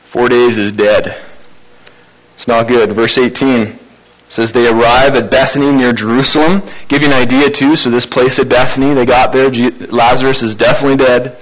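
A man's voice: medium pitch, little pitch movement, moderate pace, low-quality recording. A man preaching a sermon in a conversational, informal way. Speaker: pastor.

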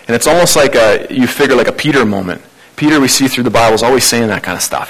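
A man's voice: mid-range voice, animated, fast, a bit bright, rough recording. A man preaching a sermon in a conversational, informal way. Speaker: pastor.

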